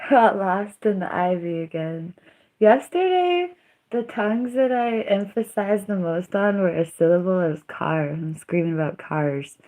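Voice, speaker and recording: A woman's voice: mid-range voice, unhurried, dark tone. A young woman chatting casually on her livestream, rambling, giggling and trailing off.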